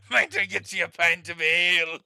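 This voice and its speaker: Brief: man voicing a Scottish dwarf innkeeper, jolly, slow, loud, bright-toned, tabletop game. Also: sits high, fairly even intonation, creaky, no room sound, full character voice.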